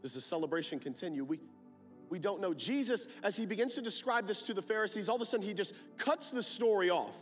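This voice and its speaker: A man's voice: high-pitched, expressive, fast, soft background music. A man preaching a sermon at a youth conference, emphatic and full of rhetorical questions.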